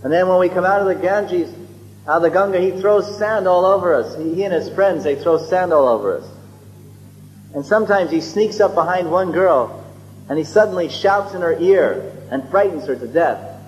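A man's voice: high voice, moderate pace. A man telling a sacred story in a sermon, chuckling and digressing with frequent restarts. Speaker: religious storyteller. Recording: echoey hall, dull lo-fi, faint hum.

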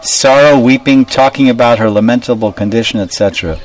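A man's voice: medium pitch, fairly quick, hardly any pauses. Man teaching from a distant mic. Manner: explanatory, asks the listeners questions. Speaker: spiritual teacher. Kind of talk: devotional class, explaining Sanskrit terms. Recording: distant mic, faint background noise.

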